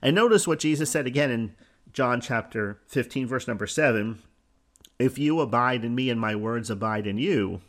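A man's voice: mid-range voice, normal speed, a bit bright. A man giving a spoken Bible teaching on his podcast, earnest, quoting scripture and pushing key words up with emphasis. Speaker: podcast preacher.

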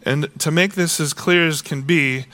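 A man preaching a sermon as a pastor, casual and animated, acting out quoted voices. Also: a little high, a little slow.

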